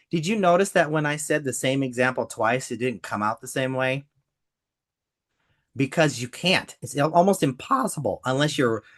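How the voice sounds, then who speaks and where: A business coach hosting a podcast, talking emphatically to a co-host, repeating key points and getting emotional over the examples. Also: mid-range voice.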